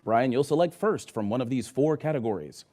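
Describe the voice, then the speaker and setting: A man's voice: mid-range voice, expressive, brisk, mellow. A man hosting a quiz show, explaining the setup in a friendly way.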